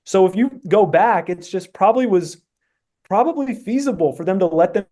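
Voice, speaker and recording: Earnest man with a mellow voice. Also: high-pitched, animated, normal speed. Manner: earnest, rambling reasoning with many fillers. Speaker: podcast guest. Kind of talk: casual chat.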